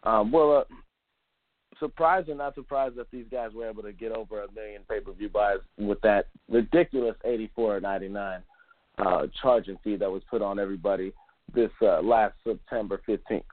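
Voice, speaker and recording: A man's voice: lowish voice, brisk, no room sound. Man hosting over a tinny line. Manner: loose, rambling, profane. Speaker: podcast host. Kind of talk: casual chat. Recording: dry, phone-like line.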